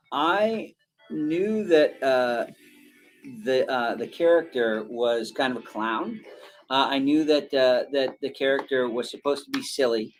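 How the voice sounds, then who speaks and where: A man, a voice actor, talking casually in an interview, halting with many fillers and restarts. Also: medium pitch, rough recording. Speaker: voice actor guest.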